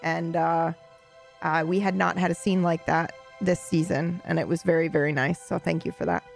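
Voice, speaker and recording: Low, gravelly woman thanking a fellow player. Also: steady tone, normal speed, faint music behind. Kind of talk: post-game chat.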